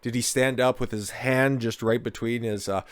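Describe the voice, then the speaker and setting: A man riffing on news stories in a mocking, sarcastic tone, swearing freely and breaking off into asides. His voice sits at an ordinary middle pitch. The sound is close and dry. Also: steady tone, moderate pace, no echo. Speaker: political commentator. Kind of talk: sarcastic commentary on news clips.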